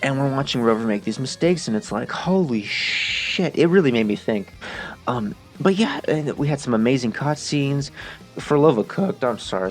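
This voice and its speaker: A man giving casual, emotional game-review commentary as a video creator, animated and quick to swear. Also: mid-range voice.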